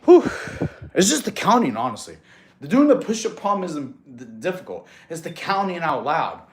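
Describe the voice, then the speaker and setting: This man's fairly high voice is very animated at a moderate pace as he talks casually on a fitness stream. Between breathless push-up counts he drops easygoing slang and calls viewers "bro," all in an echoey room.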